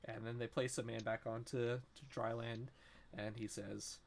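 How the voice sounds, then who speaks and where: Gravelly man narrating as game master. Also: mid-range voice, normal speed, slight background noise. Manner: relaxed narration with many "um"s.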